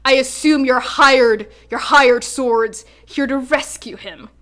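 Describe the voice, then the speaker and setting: A woman playing a stern, low-voiced half-elf leader. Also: slow pace, a bit bright.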